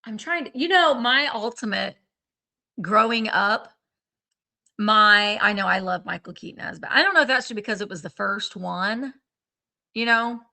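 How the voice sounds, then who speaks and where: A woman's voice: mid-range voice, lively intonation, normal speed, vocal fry, pushed and bright. A woman hosting a casual live stream, chatting in a rambling way and trailing off as she hunts for names. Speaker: live-sale stream host. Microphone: streaming setup.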